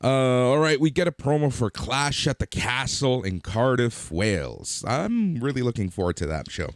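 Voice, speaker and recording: A man's voice: medium pitch, big pitch swings, normal speed, no room sound, clean studio sound. A man co-hosting a podcast, recapping wrestling matches in detail and chatting casually. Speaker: podcast co-host.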